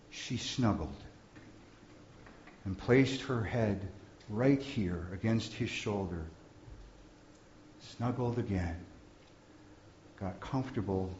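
A man preaching, telling a story slowly and softly, often dropping to a hush. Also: fairly low pitch, a little hiss or hum. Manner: slow, soft-spoken storytelling with hushed passages. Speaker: pastor. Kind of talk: sermon storytelling. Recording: dull, echoey room recording.

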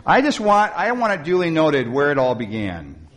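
A man preaching a sermon, retelling a story in an animated way with wry asides to the congregation. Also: fairly high pitch, moderate pace. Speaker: pastor.

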